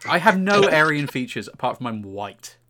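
A man's voice: a little high, sing-song, normal speed, sharp tone. A man co-hosting a podcast, telling anecdotes and slipping into silly voices in casual banter. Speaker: podcast co-host.

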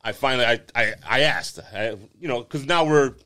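A man's voice: mid-range voice, normal speed, pushed and bright. A man co-hosting a casual podcast, telling a long story with plenty of swearing and laughter. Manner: storytelling, swearing, laughing through a sad tale. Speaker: podcast co-host.

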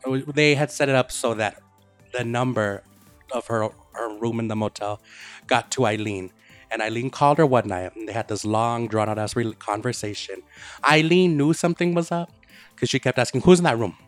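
A man in the host's chair, telling the story loosely and crudely with plenty of swearing. He slips into quick, animated impressions of the people he quotes, at an average pitch with faint music underneath. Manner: profane, animated retelling with quoted voices. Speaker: podcast host. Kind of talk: casual storytelling chat.

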